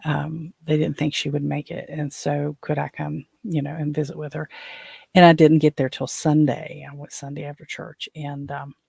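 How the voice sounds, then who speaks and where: An older man tells a personal story on his own show, rambling and restarting his sentences as he goes. His voice is husky and gravelly, with a fairly flat, monotone delivery. The sound is dry and close, with no room echo. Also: on the high side, normal speed. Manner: rambling, with frequent restarts and trailing fillers. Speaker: podcast host.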